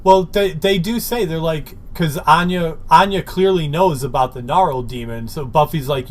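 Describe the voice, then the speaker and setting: A man co-hosting a podcast, jumping into a casual episode recap with animated storytelling. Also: on the high side, normal speed, few pauses. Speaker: podcast co-host.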